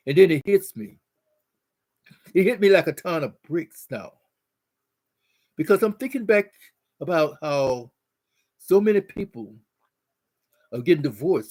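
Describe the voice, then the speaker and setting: A man telling a marriage story in an animated way, acting out the dialogue. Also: fairly high pitch. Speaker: speaker on marriage. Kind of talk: storytelling talk.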